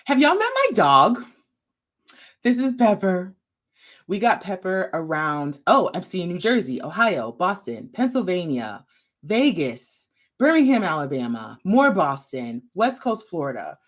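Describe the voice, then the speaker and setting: A woman's voice: on the low side, sing-song, measured pace. A woman, hosting a casual livestream from her messy home craft room, chatty and a little out of breath. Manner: bubbly, chatty, greets viewers by name. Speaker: crochet designer and livestream host.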